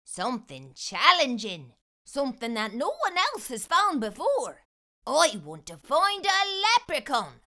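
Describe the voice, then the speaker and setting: An eager young finder from a storybook, voiced by a woman reading aloud, talks in an earnest, excited rush. His raised voice bounces with lively pitch and a bright, clear tone. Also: unhurried, heavily acted.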